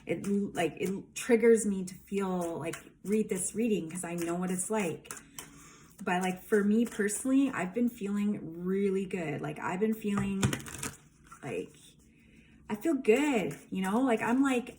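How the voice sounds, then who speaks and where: A woman's voice: mid-range voice, measured pace, mellow, slight background noise. A woman giving a casual tarot reading, emphatic and rambling, with lots of fillers. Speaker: tarot reader.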